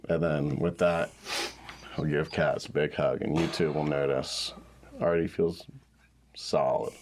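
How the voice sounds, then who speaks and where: A man running a tabletop game, narrating scenes in a relaxed, playful way. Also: a bass voice, a little slow, slight background noise. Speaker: game master.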